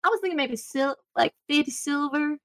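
A woman voicing a lively adventurer who haggles in a folksy, rambling way. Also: sits high, fairly quick, no echo, clean studio sound, voice pushed up. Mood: bargaining.

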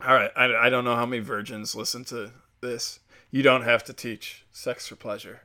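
Solo podcast host, male, foul-mouthed sarcastic ranter, mid pitch, bright edge. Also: steady tone, measured pace, long pauses. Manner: crude, ranting, sarcastic, mocking voices.

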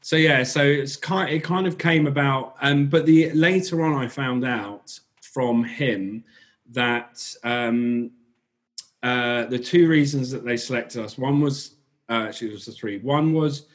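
A man's voice: medium pitch, measured pace. A man from England, a bakery owner being interviewed, talking casually in a rambling way with many fillers and restarts. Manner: rambling, filler-heavy, self-correcting.

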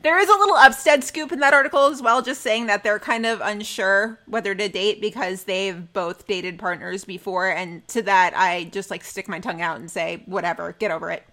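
A woman's voice: medium pitch, normal speed, hardly any pauses, pushed and bright. A young woman co-hosting a fan podcast, chatting casually and gushing with enthusiasm. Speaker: podcast co-host.

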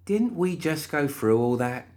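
A man's voice: on the high side, expressive, measured pace, darkish tone, voice pushed up. A man voicing a cheerful, prim undead young woman, talking in a chirpy, sweetly indignant way in a storybook reading.

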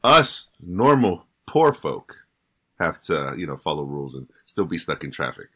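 A man's voice: extremely low pitch, big pitch swings, a little slow, bright, forceful tone, breathy edge. A man in casual podcast chat with friends, laughing often and telling stories animatedly.

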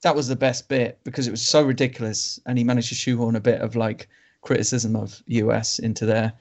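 A man's voice: medium pitch, little pitch movement, brisk, a little mellow. A man co-hosting a film podcast, chatting casually and wryly about a bad movie. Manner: wry, rambling, laughs at bad films. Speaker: podcast co-host. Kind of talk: casual film review chat. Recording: dull lo-fi sound.

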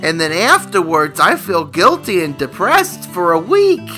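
Man doing young woman patient, frazzled, pleading, bursts of high pitch, joke-telling, faint music behind. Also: huge pitch swings, unhurried, bright, forceful tone, exaggerated voice. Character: distressed young woman at a psychiatrist's.

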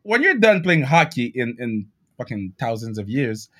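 A man hosting a casual podcast interview, excitable and profane, often stammering over repeated words. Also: mid-range voice, normal speed, soft background music. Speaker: podcast host.

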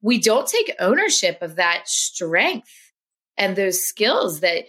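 Bright-voiced woman coaching with encouragement. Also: medium pitch, very animated, takes it slowly. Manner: earnest and encouraging, motivational. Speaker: health coach guest. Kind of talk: casual podcast conversation.

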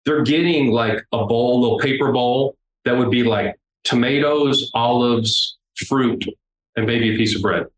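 A man, a guest on an interview, telling a travel story in a casual, animated way. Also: mid-range voice, measured pace. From United States. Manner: animated, acts out the people in his story. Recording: roomy with faint background noise.

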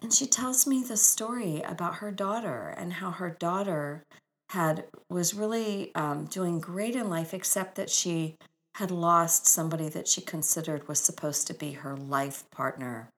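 A woman's voice: fairly low pitch, unhurried, a bit bright. A woman author telling personal stories in an earnest, spiritual, inspirational way, with gushing exclamations. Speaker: author and speaker.

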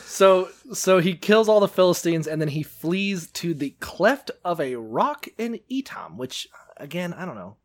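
A man in casual podcast chat, animated and laughing often, with frequent swearing. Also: high-pitched, a little slow, few pauses.

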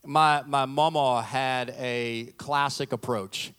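Taking it slowly in a clean, mid-range voice, a middle-aged male preacher shares humorous stories in his sermon. He acts out the voices of those he quotes with animation and pokes fun at himself.

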